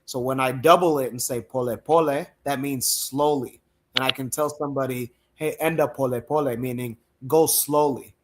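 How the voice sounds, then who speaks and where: A man who speaks Swahili as his first language, hosting a podcast and chatting casually, explaining words slowly and telling stories. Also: medium pitch, steady tone, slight background noise. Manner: storytelling, explains slowly and carefully. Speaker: podcast host. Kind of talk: casual livestream discussion.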